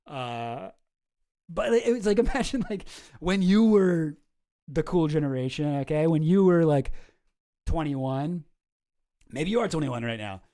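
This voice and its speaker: A man hosting a loose commentary stream, wandering through his points with self-deprecating asides and frequent swearing. His voice sits a little high but sounds mellow and soft. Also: expressive, measured pace, long pauses. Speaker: streamer host.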